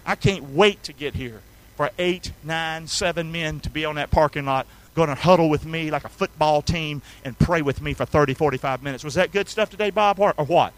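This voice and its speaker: A male pastor from North Carolina, preaching a sermon with enthusiasm, calling on the congregation to respond and swinging between loud and quiet passages. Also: on the high side, brisk, poor audio.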